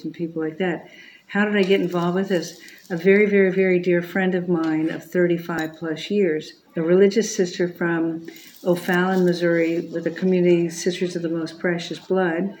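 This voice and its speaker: A woman's voice: lowish voice, darkish tone, slight background noise, poor audio. A middle-aged woman, a Catholic religious sister, telling a personal testimony in an earnest, storytelling way. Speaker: Catholic religious sister and pro-life speaker.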